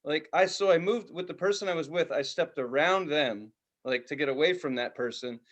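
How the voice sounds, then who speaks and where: A man co-hosting a podcast, telling a profane, animated story in casual chat, now and then shouting loudly. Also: on the high side, normal speed. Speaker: podcast co-host.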